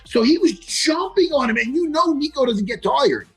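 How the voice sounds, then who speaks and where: A man talking through a fight in casual chat, animated and quick to act out what fighters might have said, tripping over his words when wound up. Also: very high-pitched, faint music behind, low-quality recording. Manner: animated, acts out quotes, stutters when wound up. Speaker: MMA analyst.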